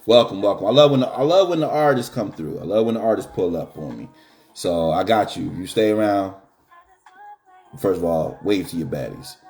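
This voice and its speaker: Animated man hosting a live stream. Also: lowish voice, normal speed, faint music behind. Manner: animated, joking, slangy. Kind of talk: casual chat.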